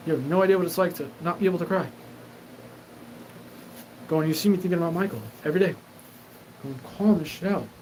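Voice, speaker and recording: A man's voice: a little high, a little hiss or hum, low-quality recording. A man hosting a solo show, talking in a rambling, profane monologue and acting out quoted back-and-forth exchanges. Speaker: host.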